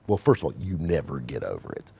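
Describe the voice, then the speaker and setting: A man hosting his own channel, giving blunt, animated motivational talk to the camera and swearing freely. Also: a bass voice, fast talker, creaky, slight background noise. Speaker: car vlogger and host.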